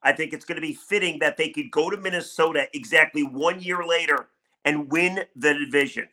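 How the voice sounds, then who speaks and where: Man, middle-aged, sports talk host, candid and emphatic, slightly high pitch, bright forceful tone. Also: fairly quick. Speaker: sports radio podcast host. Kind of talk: solo sports talk commentary.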